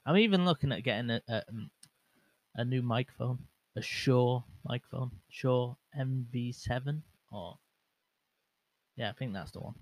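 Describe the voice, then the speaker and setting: A man's voice: medium pitch, moderate pace, low-quality recording. A young man hosting a solo podcast, rambling and self-mocking with lots of fillers and restarts, into a bare microphone. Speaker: podcast host. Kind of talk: casual solo podcast chat. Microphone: bare microphone without windscreen, monitored on headset.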